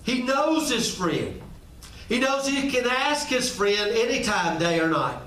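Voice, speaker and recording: A man's voice: very high voice, lively intonation, a little slow, a bit bright. Male pastor, emphatic sermon delivery, echoey room recording. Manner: emphatic, repeats rhetorical questions. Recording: echoey room, mic at a distance.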